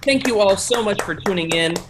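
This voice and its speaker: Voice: medium pitch, expressive, brisk, background noise. An improv show host joking loosely through a livestream sign-off from home, rambling a little between thanks. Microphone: home mic on a video call.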